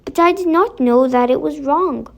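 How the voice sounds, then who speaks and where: A woman's voice: high voice, moderate pace, gravelly. A woman doing a pleading young boy. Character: young boy chimney sweep, pleading and wistful.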